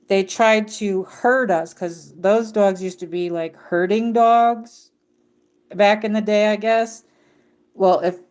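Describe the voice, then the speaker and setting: A woman's voice: mid-range voice, a little mellow. A middle-aged woman hosting a livestream, chatting casually in a rambling way with many fillers and restarts. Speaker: livestream host.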